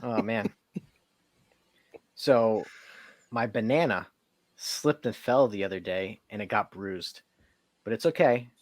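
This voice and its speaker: Low-voiced man in self-deprecating banter. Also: takes it slowly, long pauses, no echo. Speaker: podcast co-host. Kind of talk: casual chat, telling dad jokes.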